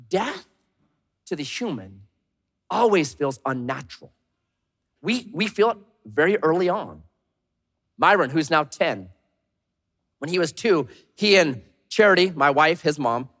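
A man in his thirties, a pastor giving a sermon, swinging between loud punchy lines and hushed slow emphasis. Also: on the high side. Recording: long reverb of a large hall.

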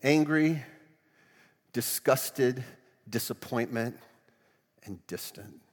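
A man preaching a sermon as pastor, with animated storytelling. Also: medium pitch, extremely slow, slightly rough, in a large hall. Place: church.

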